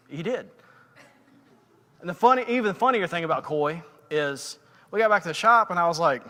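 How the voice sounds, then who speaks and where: A middle-aged man shares stories from the pulpit in a loose, self-deprecating way, full of "you know" fillers. His voice sits a little high and sounds bright and forceful. It comes from a church livestream with a long, hanging reverb. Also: animated, moderate pace, pauses often. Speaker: lay preacher. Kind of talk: casual sermon storytelling. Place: church sanctuary.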